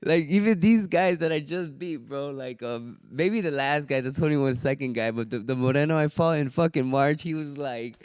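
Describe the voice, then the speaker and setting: This man's voice sits on the high side, at a moderate pace with hardly any pauses, clean and free of room sound. He's a fighter swapping stories on a podcast, swearing constantly and animatedly acting out quotes at full volume.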